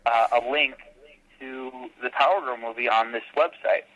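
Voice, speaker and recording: Lively man telling stories, lo-fi sound. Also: medium pitch, normal speed. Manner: animated storyteller acting out quotes. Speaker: fan filmmaker guest. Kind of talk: casual podcast interview.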